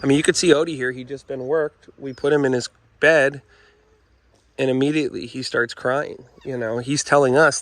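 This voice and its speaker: A man's voice: mid-range voice, fairly even intonation, normal speed. A man who trains dogs, talking casually and earnestly to camera and often calling his viewers "folks" while explaining a point. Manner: earnest, repeats "folks" and "you know". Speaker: dog trainer. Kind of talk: casual instructional talk to camera. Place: indoors with dogs nearby.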